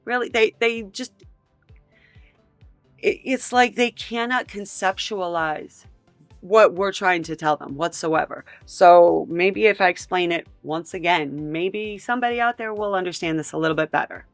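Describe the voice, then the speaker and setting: A woman's voice: lowish voice, a little slow, no room sound, faint music behind. Exasperated woman reaction host, dry close voice. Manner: exasperated, incredulous, emphatic. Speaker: commentary host. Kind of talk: reaction commentary.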